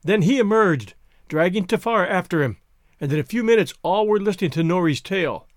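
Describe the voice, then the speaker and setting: A male podcast host reads a classic story aloud in an expressive storytelling manner. His voice sits high and moves lively through its range. The recording is dry and close. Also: fairly quick, no room sound. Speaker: podcast narrator. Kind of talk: scripted narration.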